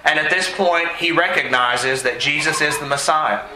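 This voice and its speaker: A man preaching a sermon in an earnest way, slowing down to stress his points. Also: a little high, echoey room, noisy background. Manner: earnest, slows for emphasis.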